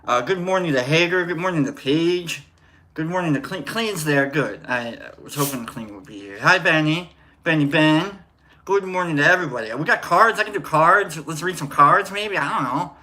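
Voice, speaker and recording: A man's voice: on the high side, normal speed, pushed and bright. A man hosting a casual livestream, rambling and joking while greeting viewers by name. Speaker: livestream host.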